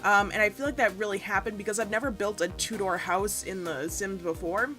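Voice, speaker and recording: A woman's voice: fairly even intonation, a little fast. Rambling young woman gamer, chatty. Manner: rambling, self-deprecating, bursts into squeaky silly voices. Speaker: gaming YouTuber. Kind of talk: casual voiceover chat over a speed build. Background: soft background music.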